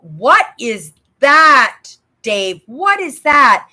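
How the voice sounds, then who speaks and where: This older Canadian livestream host takes it slowly, her fairly high voice bright and forceful. Reading viewer comments aloud, she chats casually with rambling tangents and plenty of "right?"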